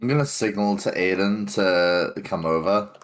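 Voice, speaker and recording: A man's voice: sits low, moderate pace. Playful man at a tabletop game. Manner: casual, playful, laughs often. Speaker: player.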